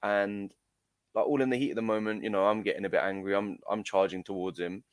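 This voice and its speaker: In a smooth voice on the low side, a young man talks quickly and steadily as he recounts a story during an interview. He's an amateur footballer guest, and his casual telling is halting, full of fillers and false starts. There's no echo.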